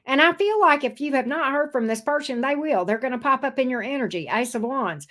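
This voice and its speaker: A woman's voice: high-pitched, lively intonation, a little fast, fairly bright tone. A woman giving a casual tarot reading, blunt and sassy, swearing freely. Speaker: tarot reader.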